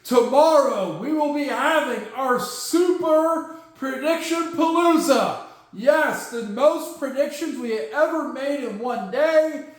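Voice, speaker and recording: Man, high voice, jokey sports podcast host, very roomy echo, goofy delivery. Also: slow pace. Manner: jokey and goofy, with shouted catchphrases. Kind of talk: casual solo sports podcast. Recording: very echoey room.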